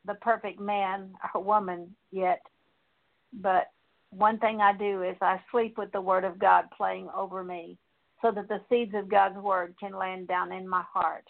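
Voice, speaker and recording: A woman's voice: medium pitch, little pitch movement, creaky. Woman praying over a tinny line. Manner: slow, repetitive confessional prayer with pauses. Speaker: minister. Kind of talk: leading a prayer of repentance. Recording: tinny phone-like audio.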